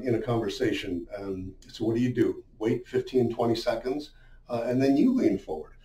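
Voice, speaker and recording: Man talking from across an echoey room. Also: medium pitch. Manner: relaxed, many fillers, demonstrates gestures. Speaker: business speaker. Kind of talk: casual instructional talk. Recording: roomy echo, mic at a distance.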